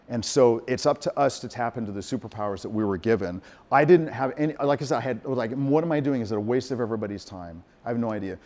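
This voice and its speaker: A middle-aged man, a composer giving a lecture, telling stories in a lively, animated way, acting out quotes and restarting his sentences. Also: on the low side. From United States. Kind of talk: lecture with audience Q&A.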